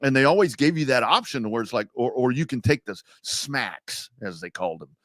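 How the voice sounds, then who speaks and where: Man, sports radio co-host, mid pitch, dry close sound, relaxed and chatty. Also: brisk, no echo. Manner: relaxed, chatty, with many restarts. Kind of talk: casual talk show banter.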